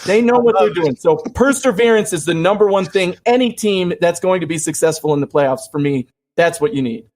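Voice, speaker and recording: A man's voice: high voice, expressive, a little fast, hardly any pauses, darkish tone. A man in a casual sports podcast, making an earnest argument. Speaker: podcast co-host.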